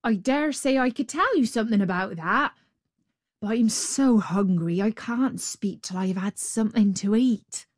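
A woman voicing a bold, cheeky young boy who talks politely and briskly. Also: medium pitch, close to an everyday voice. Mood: sly.

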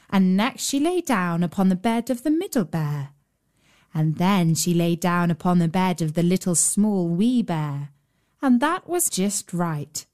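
A woman narrating a fairy tale in a gentle, measured storytelling manner. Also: lowish voice. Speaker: storyteller host.

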